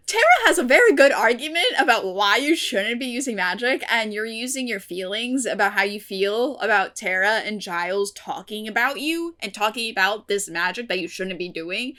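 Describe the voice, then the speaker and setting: A young woman reviewing a TV episode in a casual vlog, expressive and animated, swearing freely. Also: a little high, moderate pace.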